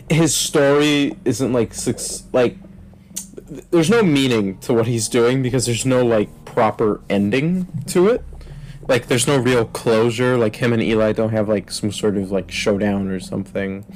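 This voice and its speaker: A man's voice: medium pitch, moderate pace, a little mellow, slight background noise, low-quality recording. A man in a casual podcast chat, rambling and filling his talk with "like" as he retells scenes and laughs.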